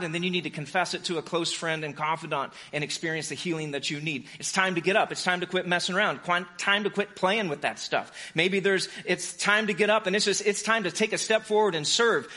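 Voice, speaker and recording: A male pastor delivers a sermon with a bright, forceful edge to his fairly high voice. He preaches with urgency, pleading with his listeners, then drops into hushed, intimate stretches.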